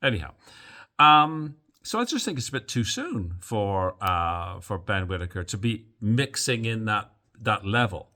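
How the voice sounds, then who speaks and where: A man hosting a boxing news vlog, talking casually and with strong opinions as he wanders through asides and fillers. His voice sits low, with a forceful, bright edge. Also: very animated, unhurried. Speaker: boxing news channel host. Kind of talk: casual commentary to camera.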